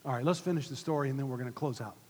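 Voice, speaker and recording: A man preaching a sermon as pastor, swinging from loud emphatic lines to hushed whispers. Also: medium pitch, racing, in a large hall.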